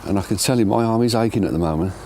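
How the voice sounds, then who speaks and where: A man's voice: lowish voice, racing, dark tone, slight background noise. A middle-aged man, talking casually and self-deprecatingly while fishing outdoors by a lake. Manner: chatty, self-deprecating commentary. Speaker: angler presenter.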